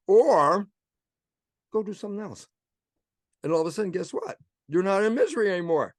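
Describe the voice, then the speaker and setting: A man's voice: on the high side, animated, normal speed, dry recording. An older man, a guest in an interview, telling personal stories animatedly and acting out inner voices. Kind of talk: storytelling interview talk.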